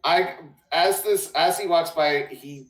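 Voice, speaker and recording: A man plays his character in a tabletop game, speaking very slowly and stumbling as he drawls. His voice sounds echoey, as if he is in a bare room on a call. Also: a little high, a bit bright, far from the mic. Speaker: player.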